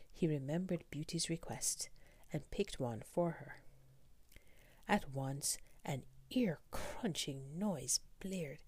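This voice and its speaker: A woman reading a fairy tale aloud in a soft, slow whisper. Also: low-pitched, breathy edge, no room sound. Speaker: storyteller. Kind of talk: whispered storytelling.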